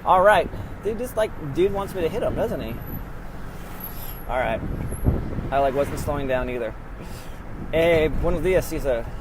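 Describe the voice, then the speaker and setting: A man's voice: fairly high pitch, slight background noise, low-quality recording. A man hosting a casual vlog while he drives, talking in a rambling way full of fillers and restarts. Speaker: real estate investor vlog host. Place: inside a car on the road.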